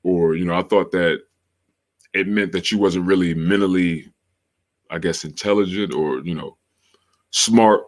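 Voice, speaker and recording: Man, low deep voice, podcast host, casual livestream talk, slangy, repeats himself. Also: steady tone. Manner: slangy, drawn-out, repeats phrases for emphasis.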